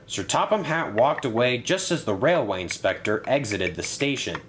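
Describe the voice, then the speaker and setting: A man narrating a toy-train story in a lively, expressive storybook style. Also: mid-range voice, normal speed, hardly any pauses.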